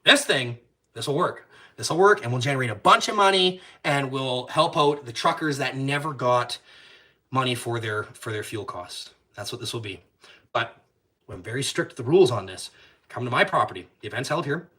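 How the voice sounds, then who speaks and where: A man hosting a live stream, talking bluntly and with heavy swearing, jumping from loud outbursts to low muttered asides. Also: expressive, normal speed. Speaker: YouTube channel host. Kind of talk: profane live-stream rant.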